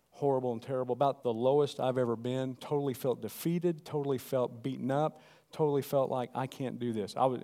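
A middle-aged man preaching a sermon, animated and calling out to the congregation. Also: medium pitch. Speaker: pastor.

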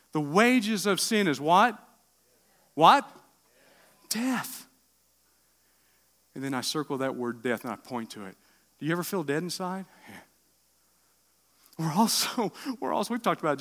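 A middle-aged man preaching a sermon, asking the room questions and swinging from loud bursts to hushed lines. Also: on the high side. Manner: animated preaching with rhetorical questions and sudden drops to quiet. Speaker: pastor.

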